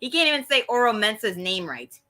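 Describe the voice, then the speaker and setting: Bright-voiced opinionated woman co-host. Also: a little high, big pitch swings, brisk. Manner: opinionated, emphatic. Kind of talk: casual review chat.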